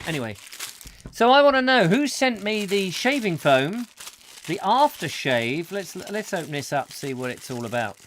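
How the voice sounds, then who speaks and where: A man's voice: on the high side, animated, normal speed, a bit bright, slight background noise. A man hosting a comic live chat show, rambling through jokey stories and singing little snatches. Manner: chatty, jokey storytelling, sings snatches. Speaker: host.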